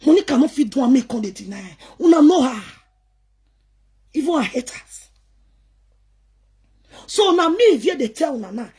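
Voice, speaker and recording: A woman's voice: high voice, darkish tone, slightly rough. A woman with a Nigerian Pidgin accent, scolding and ranting defiantly to camera in an emphatic, repetitive way. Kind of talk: angry rant to camera.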